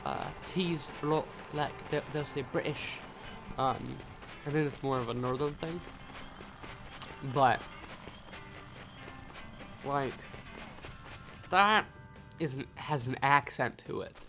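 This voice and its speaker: A young gaming YouTuber from the United States, with an American accent, rambles through casual let's-play commentary, tripping over words and swearing. His medium-pitched, fairly bright voice moves slowly with long pauses, over soft background music.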